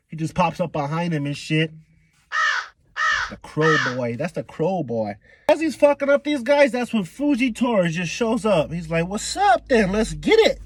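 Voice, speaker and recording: A young man with a fairly high voice talks through a comic chapter in loose, excitable slang, cursing freely and jumping into the characters' lines as he recaps. The sound is dry and close to the mic, with no room around it. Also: dry recording. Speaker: manga reaction youtuber.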